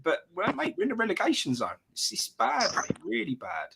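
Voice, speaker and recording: Bright-voiced emphatic man. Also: high voice, huge pitch swings, brisk, gravelly, slight background noise. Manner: emphatic, keeps saying mate and asks rhetorical questions. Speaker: football fan pundit. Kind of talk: post-match reaction chat.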